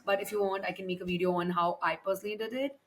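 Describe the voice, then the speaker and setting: A woman's voice: mid-range voice, steady tone, very fast. A young woman hosting a podcast, giving a frank, emphatic solo monologue with frequent swearing and restarts. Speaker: podcast host.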